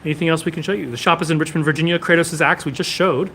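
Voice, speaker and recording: A man's voice: a little high, fairly even intonation, racing, bright, forceful tone, slight background noise. A man hosting a casual live stream from a sword shop, reading viewer comments and answering them one after another.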